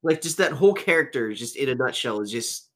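Giggly co-host, mid-pitched, loose casual movie talk. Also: lively intonation, brisk, fairly bright tone. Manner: giggly, many "like" fillers. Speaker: podcast co-host. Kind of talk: casual movie review chat.

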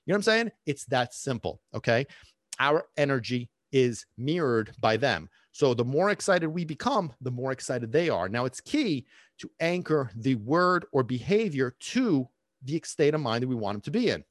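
A man's voice: mid-range voice, very animated, normal speed, no echo, studio quality. Emphatic man teaching dog training. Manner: emphatic, rhetorical questions, frequent "okay?" and "right?". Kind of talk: casual instructional talk.

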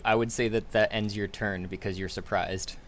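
A man acting as game master for a tabletop game describes scenes haltingly, restarting often. His voice is fairly low-pitched, steady and fairly bright.

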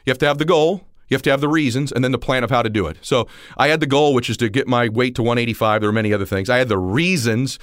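A man in his forties giving a motivational talk, telling stories and acting out the dialogue, at times rising almost to a shout. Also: medium pitch, quick pace, dry recording, studio quality. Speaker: motivational speaker.

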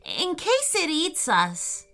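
A woman's voice: huge pitch swings, takes it slowly, gravelly, fairly bright tone, soft background music, full character voice. A woman voicing Keegan, a young boy who is eager but cautious. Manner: high, eager, sometimes worried.

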